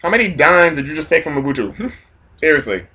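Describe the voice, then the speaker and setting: A man's voice: a little high, big pitch swings, fairly quick, sharp tone. A man rambling through a self-deprecating comic vlog monologue full of jokey asides. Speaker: vlogger.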